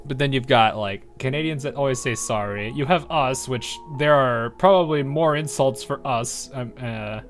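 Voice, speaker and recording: A man's voice: medium pitch, moderate pace, few pauses, faint music behind. An American man giving casual commentary while playing a game, rambling into asides and laughing often. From United States. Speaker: game streamer.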